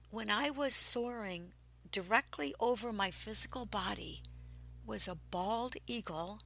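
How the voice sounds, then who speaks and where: A woman recounts a personal spiritual experience at an unhurried pace. Her voice is bright and edgy but grainy with fry, and she often drifts into breathy whispers before turning emphatic. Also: mid-range voice, low-quality recording. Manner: grows excited and emphatic. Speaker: spiritual storyteller.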